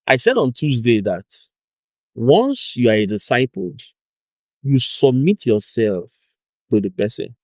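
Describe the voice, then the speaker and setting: A man's voice: medium pitch, measured pace, long pauses, dry recording. A young Nigerian man giving an informal teaching on discipleship, acting out chats in pidgin. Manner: animated, acts out chats in pidgin and laughs.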